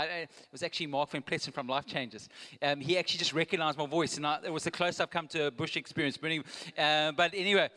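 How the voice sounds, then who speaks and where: A man's voice: fairly high pitch, sharp tone. A man preaching a live sermon in a conversational way, with joking asides and restarts. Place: church auditorium. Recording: long hall reverb, live.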